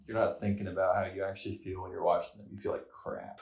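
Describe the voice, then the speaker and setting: A man's voice: low voice, little pitch movement, fast talker, a little mellow, roomy sound. A young man co-hosting a casual podcast chat, blunt and teasing, laughing often. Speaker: podcast co-host.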